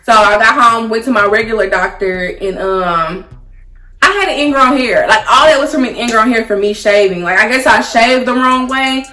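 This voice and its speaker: A young woman tells a personal story to camera in a chatty, animated way, full of "like" and "y'all". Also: on the high side, moderate pace. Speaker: vlogger. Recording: echoey room with faint music.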